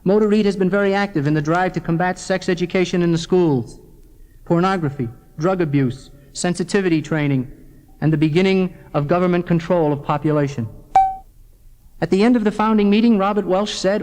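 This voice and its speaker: A middle-aged man with a high-sitting, darkish, clear and resonant voice presents an organization's film. He delivers a scripted, earnest persuasive lecture straight to the viewer in a measured way, captured on an old 1970s film soundtrack with long reverb.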